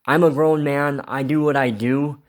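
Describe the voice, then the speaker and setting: Man, vlogger, raw confessional monologue; rambling, profane, emotional, a touch higher voice than most men. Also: steady tone, normal speed.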